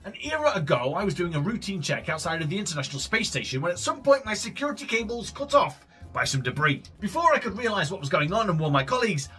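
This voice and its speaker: Desperate stranded astronaut from a video game, voiced by a man, nervous, lively rambling. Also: fairly high pitch, slightly rough, heavily acted.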